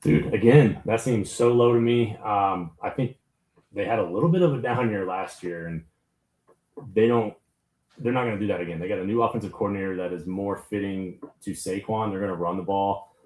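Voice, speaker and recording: Low-voiced male co-host, confident sports chat, roomy echo. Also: fairly quick, a little mellow. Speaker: podcast co-host.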